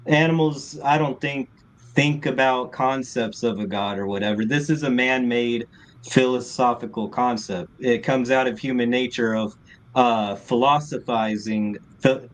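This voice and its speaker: A man of average pitch speaks in a casual debate. He lays out his reasoning in measured, methodical explanations.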